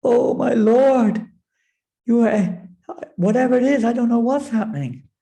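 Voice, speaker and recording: A man voicing an enraged goddess, a divine wife demanding her share, in a raised, shrill voice during a spiritual class. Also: sing-song, a little slow, rough recording. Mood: pleading. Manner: shrill pleading turning to furious shouting.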